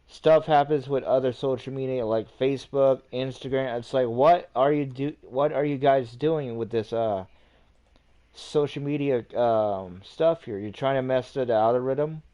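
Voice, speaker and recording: A man's voice: mid-range voice, measured pace, warm tone, highs cut off. A man hosting a livestream, ranting casually in a rambling, repetitive way and swearing often. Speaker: livestream host.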